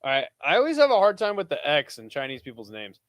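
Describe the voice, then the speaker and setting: A man hosts a live watch-party stream, talking bluntly and with casual profanity as he reacts to chat. His voice sits a bit high and moves around a lot, recorded close and dry. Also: huge pitch swings, fast talker, a bit bright, no echo.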